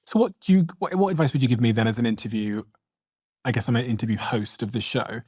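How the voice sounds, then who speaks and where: A man's voice: medium pitch, a little mellow, slightly rough, dry recording, clean studio sound. A man hosting a podcast interview, asking questions and thinking aloud. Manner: quick, self-questioning, restarts often. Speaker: podcast host.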